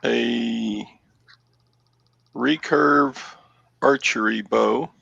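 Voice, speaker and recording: A middle-aged man chatting casually as a co-host. His voice is heavily gravelly and slow, with a dry, wry humor. The sound is close and dry. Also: medium pitch, bright, forceful tone, no room sound, highs cut off. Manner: wry, self-mocking. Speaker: show co-host. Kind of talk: casual chat.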